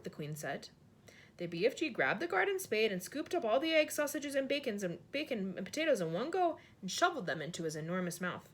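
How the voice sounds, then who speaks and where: A woman reading a children's book aloud in an expressive, animated way. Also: on the high side, a little fast, slight background noise. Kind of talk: storybook read-aloud.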